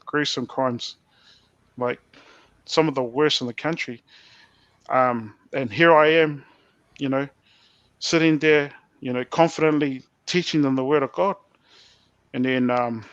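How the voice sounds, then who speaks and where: A man telling a personal story as a podcast guest, animated, stumbling over restarts and swearing bluntly. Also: a little high, no echo. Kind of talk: personal storytelling in a casual interview. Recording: dull lo-fi, dry sound.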